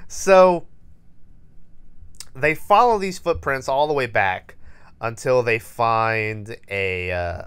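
A podcast co-host with a mid-range, clear, resonant voice and a fairly bright tone recaps a horror movie at a measured pace. He rambles, swears, and laughs his way through it.

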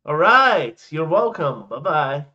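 A laid-back, giggly man at the game table, speaking very slowly in a slightly raised voice. His sound is dull and lo-fi. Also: on the high side, big pitch swings, sharp tone. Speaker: player. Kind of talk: casual tabletop play.

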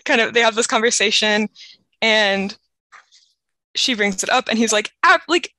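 A young woman with a bright, lively tone casually retells scenes from a book as a podcast co-host. She talks in a chatty way full of "like" and easy laughter. The sound is dry and close, with almost no room echo. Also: mid-range voice, moderate pace.

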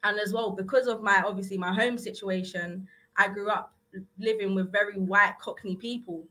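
Bright-voiced young woman. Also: mid-range voice, steady tone, moderate pace, rough recording. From South-East England. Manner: rambling, lots of filler 'like'. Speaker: guest. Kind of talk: casual chat. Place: radio studio.

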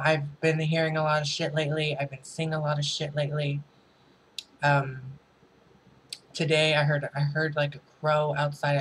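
A man's voice: on the high side, a bit bright, a little hiss or hum, poor audio. A man telling a casual storytime vlog on camera in his room, rambling and swearing freely. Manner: rambling, profane, chatty. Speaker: vlogger. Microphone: camera mic.

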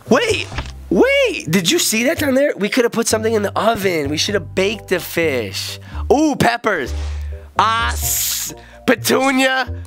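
Goofy excited dad guy playing a kids game, voice jumping all over, faint music behind. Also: high voice, measured pace. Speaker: gaming channel host. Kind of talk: playful game commentary with his kid.

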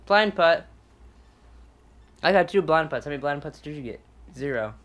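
A man's voice: a little high, animated, normal speed, fairly bright tone. A man in casual co-op gaming chat, goofy and joking, teasing his friend. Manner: goofy, joking, puts on silly accents. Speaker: gamer.

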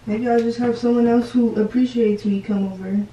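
A woman's voice: a little high, steady tone, moderate pace, mellow, highs cut off. Pleading young woman, echoey room. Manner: pleading and exasperated, repeating herself. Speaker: vlogger. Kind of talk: casual prank video banter. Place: indoor room, bedroom. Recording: echoey room, from far off, with background noise.

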